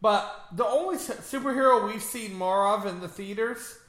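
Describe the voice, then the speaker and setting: A man with a notably high, bright voice co-hosts a casual movie review podcast. He rambles and jokes freely, laughing often. The room around him rings with echo. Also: normal speed. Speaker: podcast co-host.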